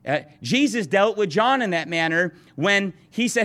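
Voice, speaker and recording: This pastor's high, expressive, fairly bright voice moves at normal speed with barely any pauses. He preaches earnestly to his congregation, addressing them directly and often restarting or repeating words.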